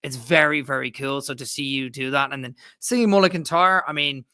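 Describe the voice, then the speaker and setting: Bright-voiced podcast host. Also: male voice, medium pitch, fairly quick, dry recording, studio quality. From Ireland. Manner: rambling, self-interrupting, enthusiastic. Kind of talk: casual interview chat.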